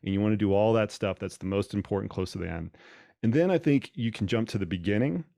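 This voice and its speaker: Podcast host, male, lowish voice, dry close sound, chatty and repetitive delivery. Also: quick pace, vocal fry, dark tone, dry recording. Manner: conversational, repeats words as he thinks aloud. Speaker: podcast host and running coach. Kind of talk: casual podcast discussion.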